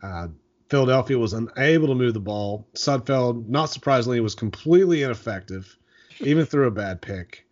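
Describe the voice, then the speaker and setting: A man co-hosting a casual sports talk show, recapping and analyzing in a measured way. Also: medium pitch, animated, darkish tone. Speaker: podcast co-host. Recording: dull lo-fi sound.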